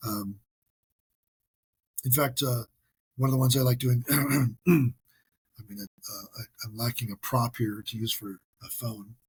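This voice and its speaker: Man, podcast host, casual solo talk, earnest, self-deprecating, husky voice, dry close sound. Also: mid-range voice, steady tone, measured pace, long pauses, no echo.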